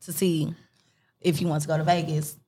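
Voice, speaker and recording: A woman's voice: low voice, level tone, fairly quick, warm tone, slightly rough. A woman co-hosting a podcast, blunt and teasing, swearing freely in casual chat.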